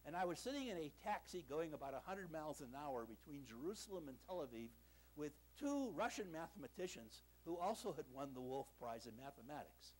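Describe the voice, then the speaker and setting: Animated older man giving a lecture. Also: a little high, fairly quick, low-quality recording. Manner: animated storytelling, self-deprecating humor. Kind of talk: university lecture. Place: lecture hall.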